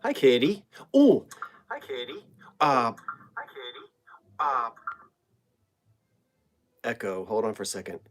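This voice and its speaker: Middle-aged live-stream host, unhurried and rambling, greets viewers one by one from a home basement, trails off mid-sentence. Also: mid-range voice, huge pitch swings.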